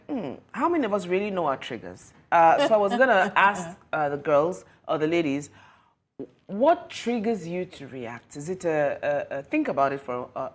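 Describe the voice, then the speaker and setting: A woman hosting a television panel discussion, putting questions to her guests slowly and deliberately, with hesitant restarts. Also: low voice. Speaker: talk show host.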